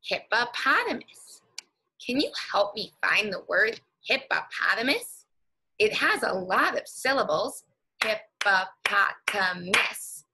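A woman teacher leading a guided reading lesson for young children, speaking slowly and encouragingly and stretching out words. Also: fairly high pitch, sing-song, sharp tone, slight background noise, poor audio.

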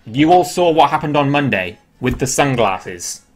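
A man's voice: mid-range voice, lively intonation, moderate pace, faint music behind. A man hosting a live stream, chatting casually and joking about each card as he opens it.

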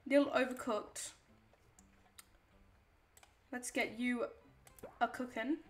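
A woman's voice: a little high, steady tone, slow. A young woman streaming a game, chatting casually to herself and reading chat aloud. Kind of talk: casual live-stream chatter while playing a cooking game.

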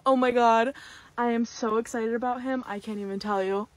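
A woman excitedly showing off her finds in an unboxing. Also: a little high, moderate pace, background noise. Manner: excitable, squealing. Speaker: unboxing video creator. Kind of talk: casual unboxing chat.

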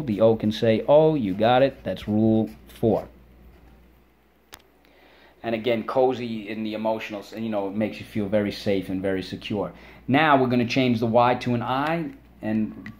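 With a fairly low, mellow voice, a man teaches kids spelling and vocabulary in an upbeat way. He breaks every word into syllables and stops to let the class say them back.

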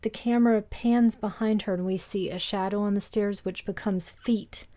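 A woman's voice: medium pitch, fairly even intonation, moderate pace, dark tone. A woman co-hosting a film podcast, recapping scenes in detail in a casual discussion and laughing easily. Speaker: podcast co-host.

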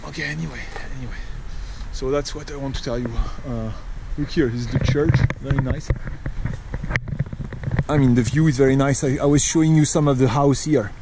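A man's voice: medium pitch, fairly even intonation, brisk, gravelly. A man from France with a French accent, chatting in a rambling way with many fillers while walking outdoors for his vlog. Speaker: vlogger. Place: outdoors on a town street. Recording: outdoor street traffic noise.

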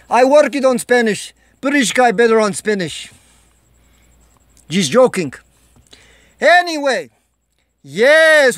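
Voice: high voice, fairly bright tone, no echo. A performer putting on a Russian-accented home vlogger who rambles in broken English, making jokey asides. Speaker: vlog host. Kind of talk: comedic home vlog monologue.

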